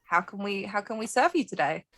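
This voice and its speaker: A woman's voice: mid-range voice, lively intonation, fairly quick, fairly bright tone. A woman voicing a cheerful female takeaway worker who takes phone orders in a chirpy, helpful manner.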